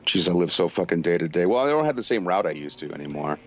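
A man's voice: deep voice, very animated, fast talker, highs cut off. A man telling rambling stories in casual chat, swearing often and acting out quotes, tired from little sleep. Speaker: podcast regular.

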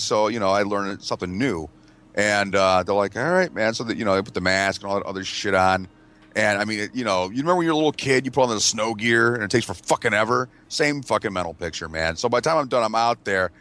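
A man's voice: on the low side, brisk, fairly bright tone. A man telling rambling, profane stories in a casual podcast chat over a remote call. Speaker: podcast co-host.

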